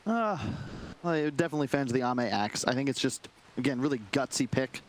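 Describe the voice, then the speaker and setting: A man's voice: medium pitch, lively intonation. Analytical male esports color commentator. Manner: analytical, measured.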